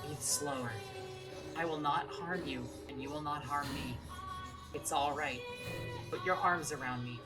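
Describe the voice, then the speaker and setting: A woman voicing a calm, gentle maid, speaking in a soothing, composed way. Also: fairly low pitch, moderate pace, pauses often, close to an everyday voice. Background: game music.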